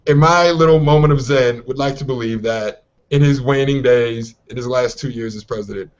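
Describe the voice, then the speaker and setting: On a lo-fi online call recording, a man co-hosts a laid-back podcast at a normal pace with a mid-range voice. He's an animated storyteller, acting out the voices of the people he quotes.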